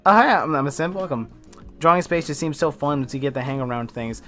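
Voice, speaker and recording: A laid-back man talks his way through a live drawing session. He rambles and corrects himself as he goes, with soft lo-fi music playing faintly behind him. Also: fairly high pitch, expressive, fast talker. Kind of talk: casual chat while drawing.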